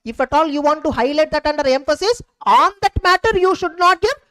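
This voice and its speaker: A man's voice: extremely high pitch, lively intonation, brisk, sharp tone, low-quality recording. A man with an Indian English accent giving a recorded exam revision lecture, repeating key points and asking rhetorical questions. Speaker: exam coaching tutor.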